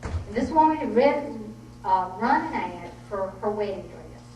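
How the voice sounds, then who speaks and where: A woman's voice: medium pitch, expressive, normal speed, warm tone. Middle-aged Southern woman, author at a podium, folksy humorous storyteller; roomy, distant sound. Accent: Southern American. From Southern United States. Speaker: author giving a talk. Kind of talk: storytelling talk. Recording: echoey room, distant mic, faint noise.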